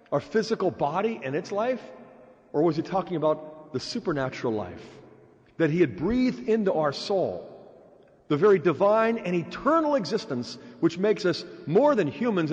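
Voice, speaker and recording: Animated preacher in an echoey hall. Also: male voice, on the high side. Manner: animated, acts out voices in stories. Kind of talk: sermon with storytelling. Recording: dull echoey hall recording.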